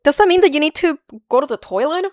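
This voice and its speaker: A woman streaming a video game, chatting casually with viewers, animated and playful, laughing often and swearing freely. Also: sits high, fast, no room sound, clean studio sound. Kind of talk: casual live-stream chat reading viewer comments.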